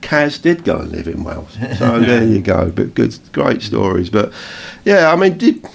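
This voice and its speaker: A man with an English accent, co-hosting a radio show and telling anecdotes in a casual, animated way with frequent laughs. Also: fairly low pitch, normal speed, vocal fry. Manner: storytelling, animated, laughs often. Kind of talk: casual reminiscing chat.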